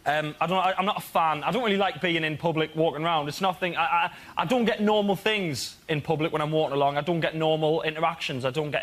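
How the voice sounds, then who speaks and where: A man from the north of England with a northern accent, doing a hesitant, stammering stand-up bit that turns into deadpan grumbling on a panel show. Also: fairly high pitch, quick pace, few pauses. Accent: northern English.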